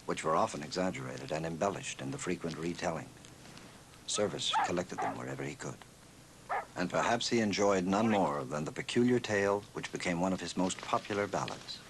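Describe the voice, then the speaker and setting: Deep-voiced male documentary narrator. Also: expressive, moderate pace, gravelly, slight background noise, poor audio. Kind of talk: scripted narration.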